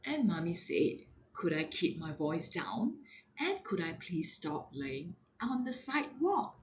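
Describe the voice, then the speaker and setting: Slow, sing-song woman reading a storybook. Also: lowish voice, very animated, dull audio, a little hiss or hum. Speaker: mother reading to her daughter. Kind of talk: children's storybook read-aloud.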